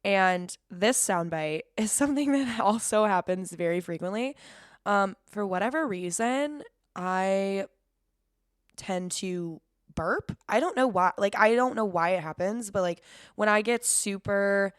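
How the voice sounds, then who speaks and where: A woman's voice: medium pitch, expressive, smooth, no echo, studio quality. A young woman hosting a casual solo podcast, rambling, swearing freely and laughing as she talks. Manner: rambling, cursing, quick laughs. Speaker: podcast host.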